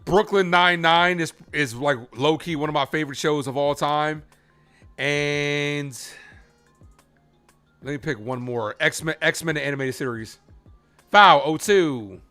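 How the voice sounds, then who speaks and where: Lively guy streaming ball game, bright high voice, bit of music under it. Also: measured pace, clean tone. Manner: animated, chatty, jumps between chat and calling pitches. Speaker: live play-by-play streamer and host. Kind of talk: casual live baseball commentary and chat.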